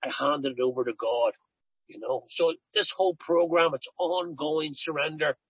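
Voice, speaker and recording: A middle-aged man tells his recovery story in an earnest, rambling way, often circling back on his words. His voice is husky and sits a little high for a man. The recording is dry and dull. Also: moderate pace, no echo. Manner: earnest, storytelling, repeats himself. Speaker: recovery speaker. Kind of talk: personal testimony talk.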